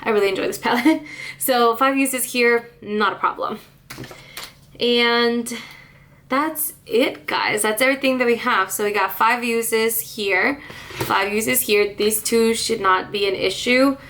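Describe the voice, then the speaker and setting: A woman's voice: fairly high pitch, measured pace, a bit bright, a little hiss or hum. Chatty woman vlogging about makeup. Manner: chatty, laughs often, fillers and asides. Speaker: beauty vlogger. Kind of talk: casual chat to camera.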